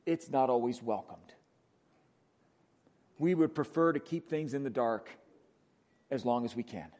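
A man with a Wisconsin accent preaching a sermon as pastor, conversational, often asking "right?", moving between emphatic lines and hushed ones. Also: medium pitch, measured pace. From Wisconsin, USA.

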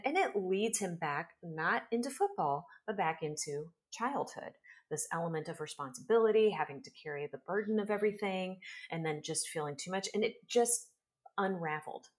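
Woman in her 40s, lowish voice, podcast guest; animated storyteller. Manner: animated storyteller, acts out quoted speech. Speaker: guest, healer and trauma specialist.

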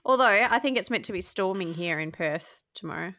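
A woman co-hosting a podcast, reacting warmly and briefly to her friend's stories. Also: medium pitch, animated. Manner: supportive backchannel, quick reactions. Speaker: podcast co-host. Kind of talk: casual chat.

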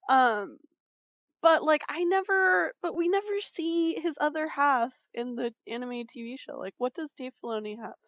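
A woman's voice: high-pitched, moderate pace, a bit bright, no room sound, highs cut off. A woman co-hosting a podcast, chatting casually and rambling with lots of "like" and fillers. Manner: rambling, heavy use of "like". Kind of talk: casual chat.

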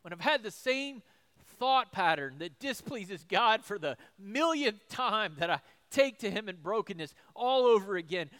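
High, smooth-voiced preaching man. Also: expressive, measured pace, a bit bright. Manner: preaching with rising emphasis and rhetorical questions. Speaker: pastor. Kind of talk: sermon.

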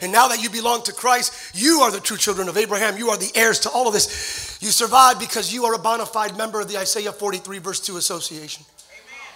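A man in his forties preaches to his church with a high, piercing, very bright voice. He tells stories from the pulpit and rises into shouted, ringing climaxes. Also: fast talker. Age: 40s. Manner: storytelling preacher who builds to shouted climaxes. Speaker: pastor. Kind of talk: sermon. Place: church sanctuary.

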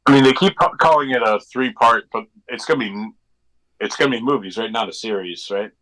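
Bright-voiced rambling podcast co-host man. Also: mid-range voice, a little fast, low-quality recording. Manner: rambling, digressive, many fillers. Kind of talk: casual chat.

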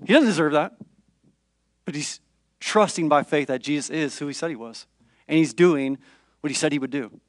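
A man, a pastor with young children at home, preaching a dramatic sermon that moves between hushed and raised passages. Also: a little high, normal speed, long pauses, no room sound, clean studio sound.

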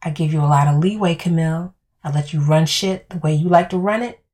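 A woman voicing an angry middle-aged husband who speaks in a low, quiet, threatening way. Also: brisk, lightly acted. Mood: quiet menace.

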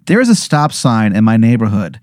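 A man's voice: on the low side, very animated, a little fast, darkish tone, dry recording, studio quality. A man co-hosting a comedy podcast, playing along with an improvised story, laughing and swearing in reaction. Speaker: podcast co-host. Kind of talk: casual improvised comedy banter.

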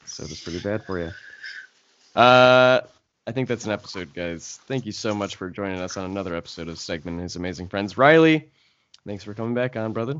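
A man hosting a podcast in casual chat, laughing a lot and reacting loudly. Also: fairly low pitch, animated, a little fast. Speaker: podcast host. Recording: dull lo-fi audio.

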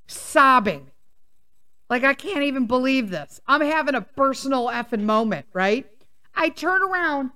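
Smooth-voiced woman ranting, profane and animated. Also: high voice, normal speed. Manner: rambling with restarts and asides. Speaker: podcast host. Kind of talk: casual storytelling monologue.

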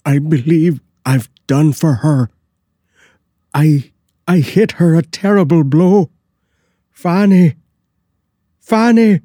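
A man voicing a panicked young male servant who gasps out his words in a hoarse, frantic voice, in a horror story reading. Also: lowish voice, steady tone, slow, pauses often, a little mellow, no echo, studio quality, pitched above the performer's own voice.

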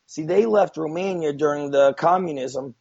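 A man's voice: on the high side, moderate pace, creaky, darkish tone. Rambling, profane man telling a story. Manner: rambling, profane, many fillers. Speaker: guest. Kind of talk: casual storytelling. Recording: dull lo-fi sound.

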